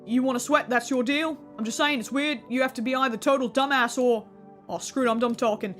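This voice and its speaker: A man's voice: very high voice, steady tone, a little fast, a bit bright, soft background music. An actor playing a grumpy, confrontational male stranger in a video game who talks in slang and calls people mate. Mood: combative.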